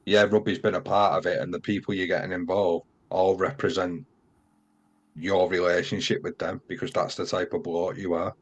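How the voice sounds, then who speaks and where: A man's voice: low voice, flat delivery, normal speed, muffled recording. A man hosting a podcast, cheering on his guest and calling him "mate". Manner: encouraging, calls the guest "mate". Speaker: podcast host. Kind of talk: casual interview chat.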